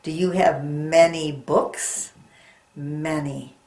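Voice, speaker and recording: A woman's voice: sits low, fairly even intonation, extremely slow, darkish tone. A woman teaching a phonics lesson to young children, sounding words out letter by letter and coaxing them with questions. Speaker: reading teacher. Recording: echoey room.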